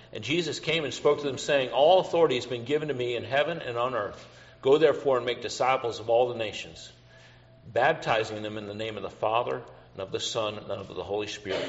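A man's voice: mid-range voice, highs cut off. A man preaching a sermon to his congregation, earnest and personal, repeating key questions. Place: church hall.

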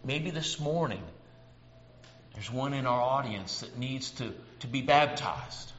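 A man's voice: medium pitch, takes it slowly, a bit bright, dull audio. A man preaching a sermon to his congregation, earnest and personal, repeating key questions. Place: church hall.

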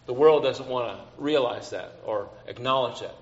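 A man's voice: mid-range voice, normal speed, few pauses, muffled recording. A man preaching a sermon to his congregation, earnest and personal, repeating key questions. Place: church hall.

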